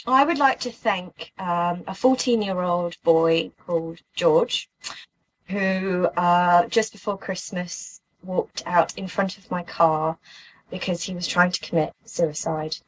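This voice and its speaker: A young woman from the UK telling a personal story in an earnest, halting way, with many restarts. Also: lowish voice, steady tone, breathy edge, poor audio. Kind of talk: emotional personal account.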